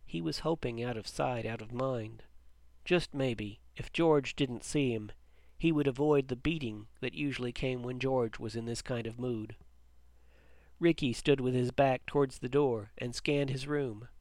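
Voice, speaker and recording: A man narrating a story with a measured, even reading. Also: mid-range voice, dry recording.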